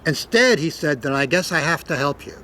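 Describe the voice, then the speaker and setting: A man's voice: fairly high pitch, expressive, fairly quick, sharp tone, slight background noise, rough recording. An older man from Canada telling stories in a loose, rambling monologue, cursing freely and punching words with sudden emphasis. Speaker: storyteller. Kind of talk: casual spoken monologue.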